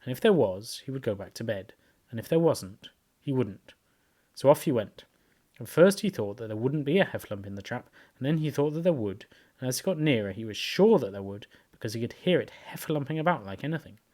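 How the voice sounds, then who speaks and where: A man reading a children's storybook aloud, with expressive, lively storytelling. His voice sits at an ordinary middle pitch for a man. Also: brisk. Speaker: reader, show host.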